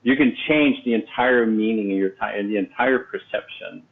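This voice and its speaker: A man hosting an interview as a leadership coach, talking in a halting way full of restarts and fillers. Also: on the low side, vocal fry. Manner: halting, many restarts and "you know"s. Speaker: podcast host and leadership coach. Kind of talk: casual interview talk. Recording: thin phone-like remote audio.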